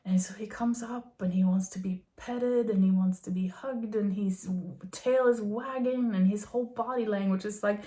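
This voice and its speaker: A woman in her thirties or forties giving a gentle, earnest spiritual musing to her viewers, with many fillers and soft laughs. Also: mid-range voice, steady tone, normal speed, hardly any pauses. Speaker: vlogger.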